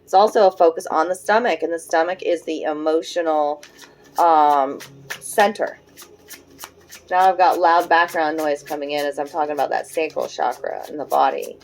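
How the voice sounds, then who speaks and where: A woman in her forties giving a casual tarot reading, thinking aloud in a soft, musing way with frequent fillers. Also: low-pitched, steady tone, normal speed, low-quality recording. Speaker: tarot reader.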